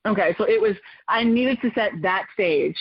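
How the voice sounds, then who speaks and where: A woman in her forties, a podcast guest, telling a personal story in an animated, expressive way and jumping up in pitch as she acts out quotes. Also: moderate pace, breathy edge. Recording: dull lo-fi recording.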